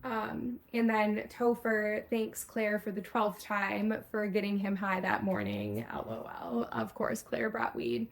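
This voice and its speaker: A woman co-hosting a casual podcast, recapping an episode in a loose, chatty way. Her voice sits in a middle range with a gravelly, creaky texture. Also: mid-range voice, expressive, a little slow, few pauses. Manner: chatty, retells scenes with quoted lines. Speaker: podcast co-host.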